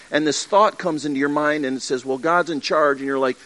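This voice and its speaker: This pastor's sermon to his congregation, in a livestreamed church, is earnest and conversational, marked by frequent restarts and acted-out asides. He talks briskly with a fairly high, somewhat bright voice and lively intonation.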